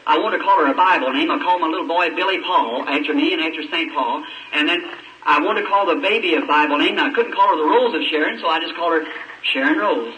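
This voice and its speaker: A man's voice: a little high, quick pace, bright, forceful tone, muffled recording. A man preaching an emotional testimony sermon, pleading, his voice rising and breaking. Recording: echoey archive sermon recording from far off, with faint noise.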